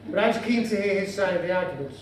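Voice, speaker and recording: A male stand-up comedian with a formal, florid manner, addressing the audience as sir and madam, recorded live with heavy echo from a distance. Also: very high voice. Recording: echoey live room from afar, noisy.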